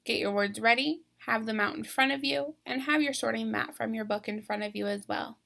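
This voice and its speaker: A woman's voice: on the high side, fairly quick, gravelly, bright, forceful tone. A woman teacher walking students through a word sort step by step, patient and thinking aloud as she goes. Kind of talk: instructional video walkthrough.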